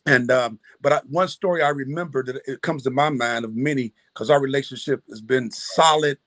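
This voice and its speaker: A man's voice: medium pitch, brisk, a bit bright, no room sound. A man giving a heartfelt birthday tribute to a friend, telling an earnest story full of restarts. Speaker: family friend and minister.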